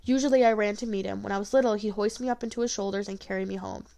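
A woman's voice: medium pitch, fairly even intonation, rapid-fire, gravelly, mellow. A woman narrating a storybook in an earnest first-person telling. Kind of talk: storybook reading.

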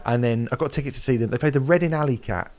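A man's voice: medium pitch, rapid-fire, darkish tone. A man in his forties chatting casually on a podcast, telling a story with lots of animation and swearing. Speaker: podcast guest. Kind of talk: casual chat.

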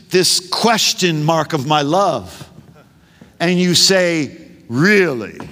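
A man's voice: high voice, sharp tone. A man preaching a sermon as a pastor, passionate and full of rhetorical questions. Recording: long reverb of a large hall.

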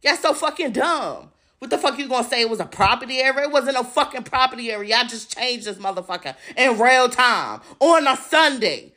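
A woman's voice: a little high, expressive, fairly quick, few pauses, pushed and bright. A woman hosting a podcast, ranting angrily, swearing a lot and mocking her opponents over and over. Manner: profane, mocking, repeats insults. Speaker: podcast host. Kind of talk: angry ranting monologue.

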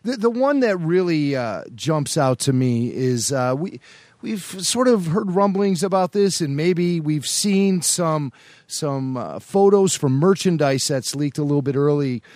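A relaxed man hosting a podcast, his voice higher and swinging widely in pitch. The sound is dry and close, with no room around it. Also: unhurried, dry recording. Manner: relaxed, chatty, asks questions. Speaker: podcast co-host. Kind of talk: casual podcast interview.

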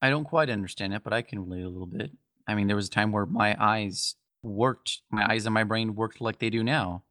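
Man playing a gentle, reassuring adventurer. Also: lowish voice, no echo, clean studio sound, close to an everyday voice. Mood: sincere. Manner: kind, reassuring, slightly halting. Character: gentle, earnest male adventurer offering comfort.

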